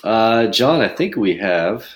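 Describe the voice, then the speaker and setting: A man co-hosting a podcast in casual chat, telling stories in a lively way and laughing often. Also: fairly low pitch, slow pace, crowd noise. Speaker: guest host.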